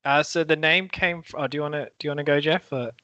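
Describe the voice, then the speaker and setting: A man's voice: on the high side, steady tone, quick pace, sharp tone, dry recording, lo-fi sound. A man, a badminton brand co-founder, speaking hesitantly with many fillers in a casual video call interview.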